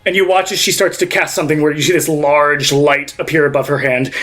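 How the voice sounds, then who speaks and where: A man's voice: on the high side, little pitch movement, fairly quick, fairly bright tone, soft background music. A young man narrating as game master, improvising in a rambling way full of fillers.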